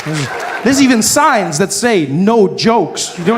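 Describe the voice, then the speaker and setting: Stand-up comic, male, higher-pitched, lively, recorded live on stage with a crowd reacting. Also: measured pace, noisy background. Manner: animated, acts out characters with big shouted voices. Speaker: stand-up comedian. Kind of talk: stand-up comedy routine. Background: audience laughter.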